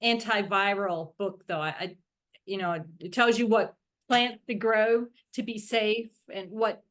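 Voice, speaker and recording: Co-host, Texan woman, mid-pitched, relaxed and chatty, a steady sidekick voice. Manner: relaxed, supportive listener with short replies. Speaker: podcast co-host. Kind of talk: casual chat.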